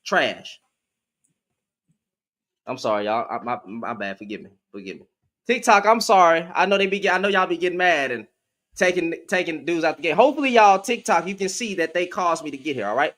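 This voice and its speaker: A man hosting a live stream call, ranting in exasperation and swinging between shouting and muttering. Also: a little high, very animated, a little fast. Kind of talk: heated live stream rant.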